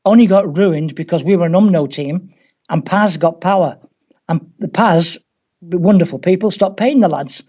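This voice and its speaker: An English football coach with a Scouse accent tells wry anecdotes in an interview, acting out the voices of people he quotes. His voice is high and moves at normal speed, and the lo-fi recording sounds dull.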